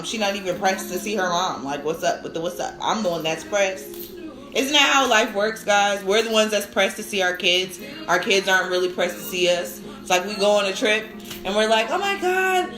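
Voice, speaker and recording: A woman's voice: medium pitch, echoey room, poor audio. A woman hosting a casual live stream, telling chatty stories full of "like" and bursts of laughter. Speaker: live-stream host and new lactation counselor.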